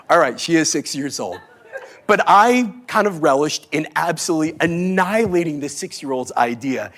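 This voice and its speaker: A man in his forties giving a talk on stage, telling a story in a playful, animated way with self-mocking humor. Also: a little high, moderate pace. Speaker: speaker at a live talk event. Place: stage before a live audience.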